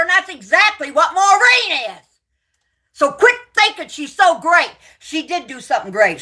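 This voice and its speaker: Woman ranting, bright and profane. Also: high voice. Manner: profane, accusing, shouting and yelling; drops to muttering between outbursts. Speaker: livestreamer. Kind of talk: angry livestream rant at viewers.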